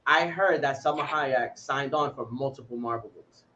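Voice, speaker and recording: A man's voice: medium pitch, moderate pace, sharp tone, lo-fi sound. A man co-hosting a podcast in casual chat, laid-back, laughing often and swearing freely. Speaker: podcast co-host.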